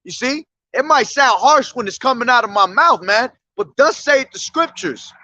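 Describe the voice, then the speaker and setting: A man's voice: very high-pitched, animated, moderate pace, sharp tone. A man preaching on the street in a blunt, profane, confrontational way.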